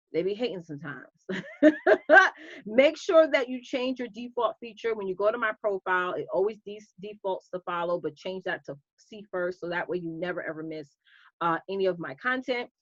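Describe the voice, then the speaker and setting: A woman coach hosting a casual live stream, chatty and animated, greeting viewers by name. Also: fairly low pitch, no room sound, highs cut off.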